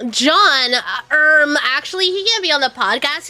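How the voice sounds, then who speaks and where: Casting note: young woman streamer, high and bright, rambling and self-deprecating chat, soft music behind. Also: very animated, takes it slowly, long pauses. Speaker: VTuber streamer.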